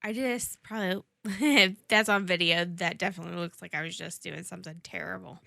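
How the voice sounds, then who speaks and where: A woman's voice: lowish voice, fairly even intonation, fairly quick, gravelly, pushed and bright, no echo, studio quality. A woman hosting a podcast in casual chat, bantering bluntly and joking. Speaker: podcast host.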